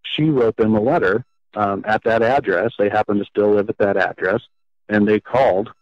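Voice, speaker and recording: A man with a low voice tells a personal story in an interview, earnest and halting, often stopping to rephrase. The recording is dull and slightly lo-fi, with a dry, close sound. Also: dry recording. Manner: earnest and halting, with frequent restarts. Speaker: guest.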